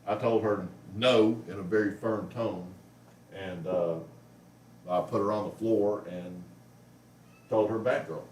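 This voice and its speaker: In a fairly low, darkish voice with fairly even intonation, a man speaks slowly and pauses often as he rambles through a story and coos at his cat. It's a casual pet vlog from his living room, recorded roomy with a distant mic and faint noise.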